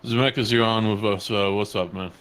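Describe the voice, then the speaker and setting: A man co-hosting a livestream, calmly taking call-ins and telling the others to let things go. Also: lowish voice, fairly quick. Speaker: co-host. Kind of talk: casual livestream chat.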